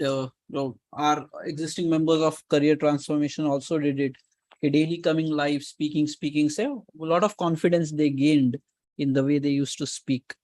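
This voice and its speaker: A man's voice: fairly high pitch, a little mellow, dry recording. A man with an Indian English accent coaching a live online session, giving instructions and repeating key advice, with Hindi words mixed in. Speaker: career coach hosting a live Q&A call.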